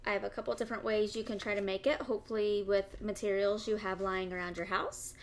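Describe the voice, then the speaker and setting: A woman children's librarian reading a picture book aloud at storytime, animated, asking the kids questions and slipping into gasps and whispers. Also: medium pitch, quick pace, slight background noise.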